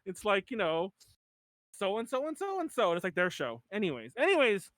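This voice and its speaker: A man's voice: high-pitched, wildly swooping pitch, normal speed, fairly bright tone, no echo. A man in his thirties hosting a podcast in casual chat, rambling with lots of "like" and restarts and laughing often. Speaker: podcast host.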